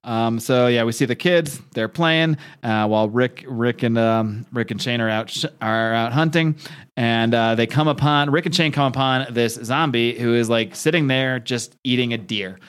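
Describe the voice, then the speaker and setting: Man, podcast host, casual recap, rambling, mid-pitched voice. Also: moderate pace, fairly bright tone, clean tone. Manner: rambling with fillers, acts out quoted lines, swears casually. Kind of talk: casual comic book recap.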